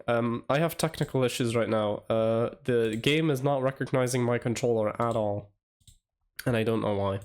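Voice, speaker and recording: A young man in his twenties chatting casually on a live stream, halting and rambling with stammered restarts. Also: medium pitch, darkish tone.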